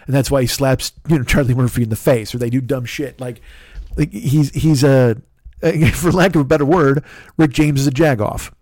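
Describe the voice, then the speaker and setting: A man in his fifties talks through a loose, rambling podcast monologue, peppered with swearing and self-deprecating asides. His voice sits at a middling pitch, and the close-miked sound is dry, with no room around it. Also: moderate pace, darkish tone, dry recording. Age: 50s. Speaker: comedian podcast host. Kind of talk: casual monologue.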